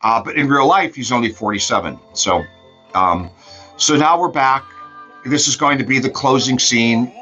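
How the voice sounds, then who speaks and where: Chatty man with a bright voice. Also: medium pitch, moderate pace, muffled recording, soft background music. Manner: chatty, rambling, with self-corrections. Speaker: host. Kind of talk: casual watch-along commentary.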